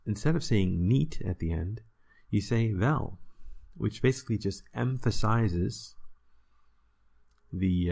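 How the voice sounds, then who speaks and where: A man's voice: low-pitched, gravelly, darkish tone, husky. A man explaining a language lesson in a casual, chatty way, full of fillers and checking with "right?". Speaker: language teacher.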